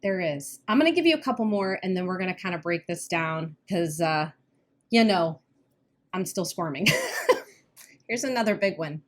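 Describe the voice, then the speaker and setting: Speaking in a lowish voice with lively intonation, this weight-loss coach co-hosts a casual podcast. Her talk is earnest and comes in quick bursts, with frequent nervous laughter whenever she feels uneasy.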